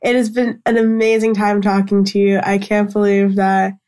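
A woman hosting a podcast interview, gushing and excited as she thanks her guest. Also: medium pitch, normal speed. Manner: enthusiastic and effusive. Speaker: podcast host. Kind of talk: casual interview chat.

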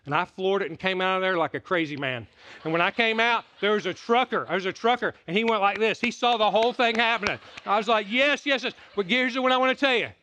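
A middle-aged pastor with a drawl preaches a sermon in a fairly high voice. He tells his stories with animated energy, going loud and excited, then dropping to a hush. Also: fast, a little hiss or hum. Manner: animated storytelling, swinging from loud and excited to hushed and quiet.

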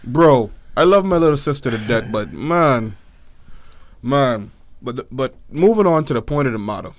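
A young man telling a personal story in casual chat, animated and acting out quotes. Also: moderate pace, no room sound. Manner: animated, acts out quotes in high voices.

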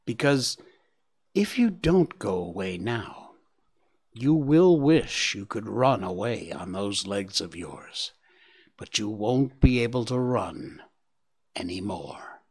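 A man voicing a young male stag who speaks calmly and gently while holding back anger, in an audiobook reading. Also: mid-range voice, slow pace. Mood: restrained anger. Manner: calm, restrained, quivering with suppressed anger.

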